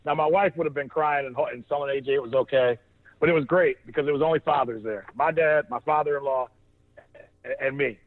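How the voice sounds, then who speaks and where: A man's voice: mid-range voice, brisk. A man telling a rambling story, full of restarts and laughter, as a podcast co-host. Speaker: podcast co-host on a phone line. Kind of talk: casual storytelling chat. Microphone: phone. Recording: tinny phone line.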